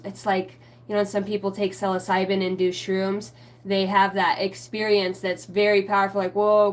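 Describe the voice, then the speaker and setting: A woman giving a casual livestream spiritual reading. She rambles, trails off mid-thought and swears now and then. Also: mid-range voice. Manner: self-mocking aside, often trailing off mid-thought. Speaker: spiritual reader answering viewers live.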